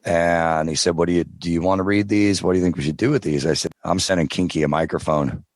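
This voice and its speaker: A man telling stories as a podcast guest in casual interview chat, relaxed, now and then trying out character voices. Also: low voice, fast, no room sound, studio quality. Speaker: podcast guest, audiobook narrator.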